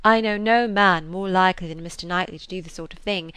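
A woman reading as a lively, headstrong young woman who talks emphatically and exclaims often. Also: fairly low pitch, a little fast, smooth, no echo, close to an everyday voice. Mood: warm praise. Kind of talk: audiobook character reading.

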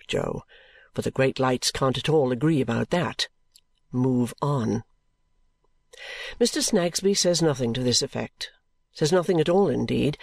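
A man narrating an audiobook in a steady, clear storytelling manner. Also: mid-range voice, no room sound. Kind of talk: scripted narration.

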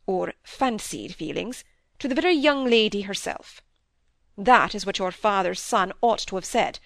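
A woman's voice: mid-range voice, no echo, close to an everyday voice. A woman reading aloud as a dry-witted, stern middle-aged male country doctor in a storybook. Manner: wry, then sternly lecturing.

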